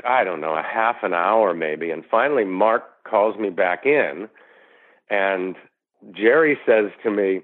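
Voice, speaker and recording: A man with a lowish voice tells a story as a guest, slipping into the voices of the people in it. His voice comes through a thin, phone-like line. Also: unhurried. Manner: animated storyteller who acts out quoted voices. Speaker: actor guest. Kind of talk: storytelling interview anecdote.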